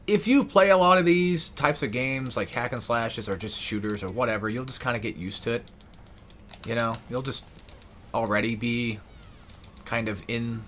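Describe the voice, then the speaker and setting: A man's voice: medium pitch, a bit bright. A young man giving casual, rambling gameplay commentary, sarcastic and swearing often. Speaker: gaming YouTuber.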